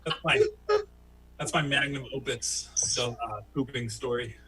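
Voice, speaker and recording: A man doing a stand-up comedy story who laughs at his own tale and jumps into high, squeaky voices for the people he quotes. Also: measured pace, sharp tone, faint music behind, low-quality recording. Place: home, virtual show.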